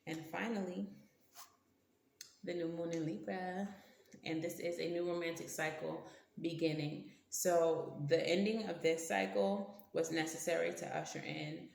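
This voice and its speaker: Tarot lady, gravelly low voice, curses n talks to the cards, echoey room. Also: steady tone, measured pace, a little mellow, slight background noise. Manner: blunt, slangy and profane, talks to the cards. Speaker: tarot reader. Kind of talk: casual tarot reading. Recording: roomy echo.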